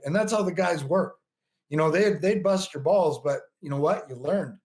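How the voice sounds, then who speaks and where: A man's voice: on the high side, moderate pace, a little mellow. A middle-aged man, a bodybuilder and coach, telling stories as a podcast guest in a loose, rambling way full of restarts. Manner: rambling, frequent restarts and "you know". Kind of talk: casual storytelling interview.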